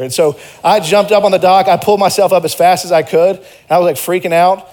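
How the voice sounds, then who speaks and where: A man's voice: sits high, fairly quick, few pauses, darkish tone. A young man preaching a sermon in a church, conversational and earnest, mixing personal stories with emphatic exhortations. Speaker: pastor. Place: church sanctuary.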